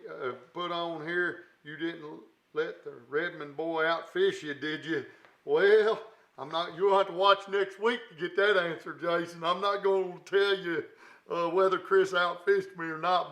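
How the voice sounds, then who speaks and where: A man's voice: on the high side, a bit bright. A man hosting a fishing show's live stream, chatting in a folksy, rambling way with lots of fillers and restarts. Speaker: host. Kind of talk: live-stream chat reading viewer comments.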